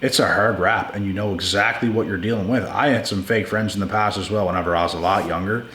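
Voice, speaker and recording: A man with a fairly low voice speaks bluntly and with emphasis, hammering points home by repeating words. He addresses his listeners casually, like friends. The room is echoey, with a faint hum of ambience behind him. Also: fairly even intonation, quick pace, fairly bright tone. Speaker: channel host giving relationship advice. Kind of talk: casual advice monologue.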